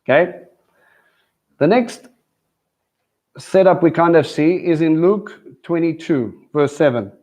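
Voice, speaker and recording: A man's voice: on the high side, slow, long pauses, darkish tone, rough recording. A man teaching a live sermon in a conversational way, often asking his listeners questions. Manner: conversational preaching with questions to the crowd. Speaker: teacher at a Messianic congregation.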